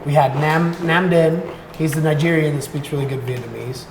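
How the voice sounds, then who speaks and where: Man, American accent, raspy, relaxed storyteller, echoey room, faint noise. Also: fairly high pitch, normal speed. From United States. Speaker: guest content creator. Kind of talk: casual podcast chat.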